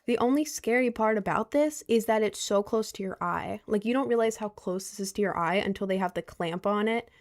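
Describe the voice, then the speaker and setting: A woman's voice: mid-range voice, a little fast, hardly any pauses. A young woman chatting casually with her viewers, rambling and repeating herself in loose slang. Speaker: streamer answering chat. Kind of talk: casual chat.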